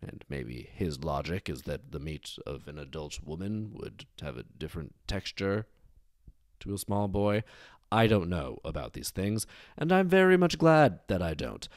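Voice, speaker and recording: A man hosting a storytelling show, narrating a dark tale casually with wry, digressive asides. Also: low voice, sing-song, unhurried, no room sound, clean studio sound. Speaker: storyteller host.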